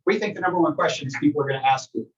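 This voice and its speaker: Energetic male trainer, distant dull recording. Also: fairly high pitch, very fast. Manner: energetic, conversational coaching that asks the group questions. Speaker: real estate trainer. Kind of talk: workshop teaching to a live group.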